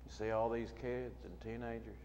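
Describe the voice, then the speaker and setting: A middle-aged man preaching a sermon as a pastor, moving between quiet storytelling and loud shouting. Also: on the low side, steady tone, normal speed, muffled recording. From United States. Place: church sanctuary. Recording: long hall reverb, faint room noise.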